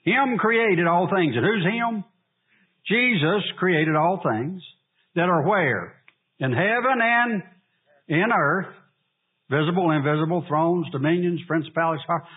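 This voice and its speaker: A man preaching a sermon, asking the congregation questions and pausing for answers. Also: high voice, slightly rough, narrow, tinny audio. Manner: preaching with call-and-response questions. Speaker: pastor.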